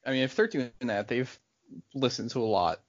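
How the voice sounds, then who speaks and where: A man's voice: mid-range voice, no room sound, dull audio. A young man co-hosting a casual podcast who jokes and teases, piling onto the group's banter. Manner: joking, teasing, quick to pile on. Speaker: podcast co-host. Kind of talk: casual chat among friends.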